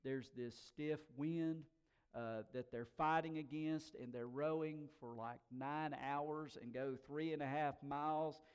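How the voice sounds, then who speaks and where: A male pastor preaching a sermon in a conversational way, swinging from quiet asides to loud, emphatic bursts. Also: fairly high pitch, steady tone, unhurried, clear, resonant tone, muffled recording. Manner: conversational, folksy fillers.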